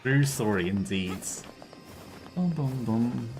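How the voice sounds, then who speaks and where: A man's voice: medium pitch, expressive, slow pace, a little mellow, faint music behind. A man casually chatting on a game livestream, rambling and chuckling often between remarks. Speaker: game streamer.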